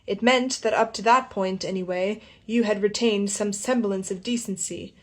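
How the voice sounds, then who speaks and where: A woman's voice: medium pitch, steady tone, normal speed, close to an everyday voice. A woman voicing a stern husband who speaks harshly and accusingly, in an audiobook reading. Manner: harsh, growling.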